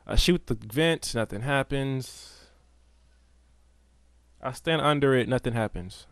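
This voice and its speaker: A man's voice: mid-range voice, slow, dry recording. A man giving casual, chatty commentary while streaming a video game, talking to his chat and to the characters on screen. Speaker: gameplay streamer. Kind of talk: casual live gameplay commentary.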